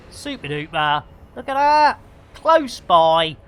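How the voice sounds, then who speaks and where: A man's voice: on the high side, sing-song, takes it slowly, gravelly, a bit bright. A man commentating his live game stream with jokey, punning banter for his viewers.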